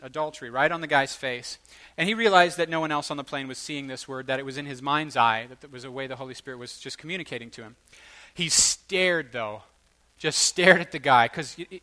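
A man preaching, telling a story with lively acted-out quotes that swell into loud bursts. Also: a little high. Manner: animated, acts out quoted voices, rising to loud bursts. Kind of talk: sermon storytelling.

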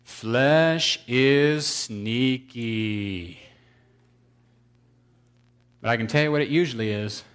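A man's voice: mid-range voice, very slow, pauses often, fairly bright tone, clean tone. A man preaching a humorous sermon, telling stories with sarcastic asides and sudden jumps in volume.

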